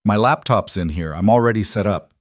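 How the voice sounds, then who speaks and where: A stressed career woman, clipped and defensive, spoken in a fairly low voice as a male narrator voices her. The delivery is dry and close with no room around it. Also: no echo, lightly acted. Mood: strained. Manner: clipped, tense, quick to defend herself.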